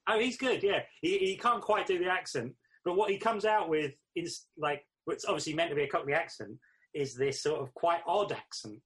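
A man with a husky, slightly raised voice, talking in a relaxed, hedging way. He pads his thoughts with little fillers and trails through his points. Casual conversation. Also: a little high, moderate pace. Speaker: podcast co-host. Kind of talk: casual chat.

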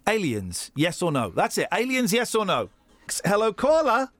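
A man's voice: sits high, wildly swooping pitch, moderate pace, fairly bright tone, no room sound, faint music behind. A man hosting a radio breakfast show, bantering and telling jokey stories in a studio. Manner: playful, teasing, jokey storytelling. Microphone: studio microphone.

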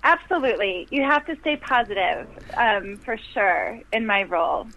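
A woman's voice: medium pitch, lively intonation, normal speed, fairly bright tone, slight background noise. A middle-aged woman calls in to a radio show, upbeat and eager as she explains her work. She laughs easily and keeps everything positive. Her voice comes through a dull, muffled phone line. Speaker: phone-in guest, life coach. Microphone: telephone.

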